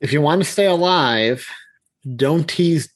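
A man's voice: fairly high pitch, expressive, unhurried, no echo. A man chatting as a guest on a podcast, upbeat and enthusiastic. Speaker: podcast guest and co-host of another show. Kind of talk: casual podcast chat.

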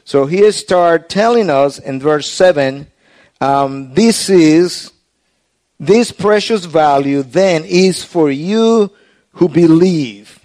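A man's voice: on the high side, lively intonation, slow. A man preaching a sermon, explaining a scripture passage in an earnest, teaching way with frequent restarts. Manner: hushed, soft prayer. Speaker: pastor.

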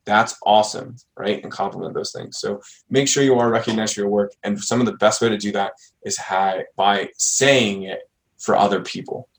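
A man's voice: lowish voice, fairly even intonation, normal speed. A man hosting a podcast, talking earnestly through advice and often checking in with "right?". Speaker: podcast host. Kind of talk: casual podcast chat.

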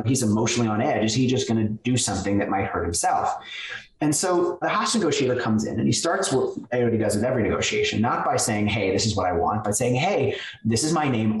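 A man being interviewed, explaining ideas and telling stories in a lively, conversational way. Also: mid-range voice, slight background noise. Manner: animated, lively storyteller who acts out quotes. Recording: roomy sound, somewhat far from the mic.

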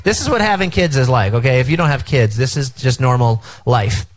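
At an outdoor tent service, a middle-aged pastor preaches a sermon and draws the crowd into call-and-response. His voice is medium-pitched, expressive and a little fast, though the audio is poor.

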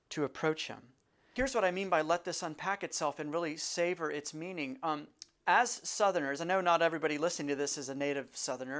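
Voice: mid-range voice, a bit bright. Earnest preacher. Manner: earnest, conversational preaching with emphatic repetition. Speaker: pastor. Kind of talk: sermon.

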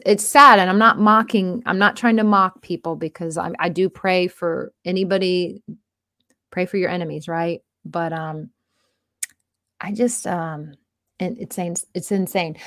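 A woman's voice: medium pitch, fairly bright tone, dry recording. Woman in her forties, casual rambling monologue, self-deprecating, dry close sound. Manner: rambling and self-deprecating, with many restarts and fillers.

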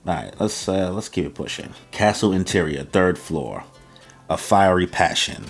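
Deep-voiced laid-back male manga reactor. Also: lively intonation, moderate pace, vocal fry, faint music behind. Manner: reads panels aloud with loose slangy asides. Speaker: manga reaction channel host. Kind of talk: casual reaction and read-aloud.

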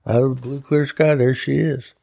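An older man from Ohio, a songwriter guest, telling an animated anecdote in an interview and acting out the voices in it. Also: medium pitch, normal speed, creaky, dry recording, studio quality. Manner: animated anecdote telling, acts out quoted voices, laughs often. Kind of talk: storytelling interview.

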